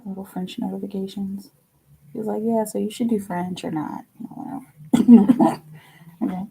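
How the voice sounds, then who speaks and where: Woman tarot stream host, mellow gravelly voice, halting and self-murmuring. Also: mid-range voice, fairly even intonation, poor audio. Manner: slow, halting, repeats words, murmurs and whispers to herself. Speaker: tarot reader hosting a live stream. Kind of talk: casual live-stream chat.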